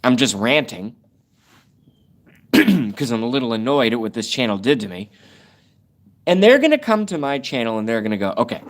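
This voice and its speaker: A man's voice: big pitch swings, normal speed, long pauses. Guy ranting on his livestream, reading chat, rambly and sweary, voice jumps up and down a lot. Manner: rambling, profane, sudden jumps in pitch and loudness. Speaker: livestream host.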